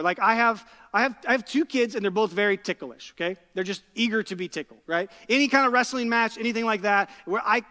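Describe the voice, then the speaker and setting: High-voiced pastor preaching in a reverberant hall. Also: male voice, sharp tone. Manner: conversational storytelling, asks "right?" and "okay?" often. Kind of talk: sermon. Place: church sanctuary.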